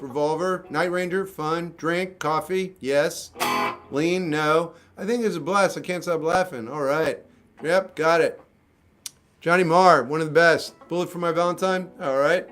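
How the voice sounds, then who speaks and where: Male streamer, casual deadpan chat, slightly raised voice. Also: a little high. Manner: dry, offhand, jokey replies to comments. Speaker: livestreamer musician answering chat.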